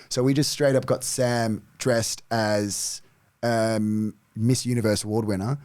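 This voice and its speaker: An Australian comedian chatting as a podcast guest, animated, cursing freely and laughing between lines. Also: male voice, on the low side, measured pace. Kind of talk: casual podcast chat.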